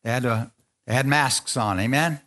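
Animated preacher man calling for amens. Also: moderate pace, crowd noise. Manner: animated, asks the congregation for amens; laughs often, acts out quotes in a higher voice. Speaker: pastor. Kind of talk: sermon.

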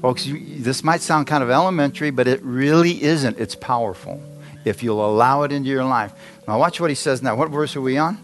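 A middle-aged man preaching in a church, with an easy conversational manner that keeps checking in with the congregation. His pitch sits in an ordinary middle range, and soft instrumental music plays faintly behind him. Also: a little fast. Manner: conversational preaching, asks the congregation frequent questions. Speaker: pastor. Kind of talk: sermon.

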